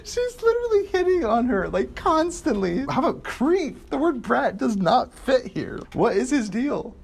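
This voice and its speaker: A woman on a podcast panel in casual chat, expressive and incredulous, laughing often. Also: high voice, moderate pace, vocal fry.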